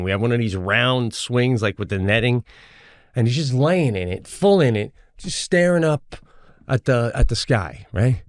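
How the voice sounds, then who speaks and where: Animated man telling a story, dry sound. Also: mid-range voice, no room sound. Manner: animated, profane, acts out the people in his stories. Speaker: podcast co-host. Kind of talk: casual storytelling.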